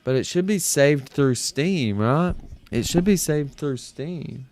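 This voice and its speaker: A man's voice: a little high, animated, takes it slowly, a little mellow, no room sound, faint music behind. A man streaming a game live, panicking and swearing, repeating himself as he talks to his chat.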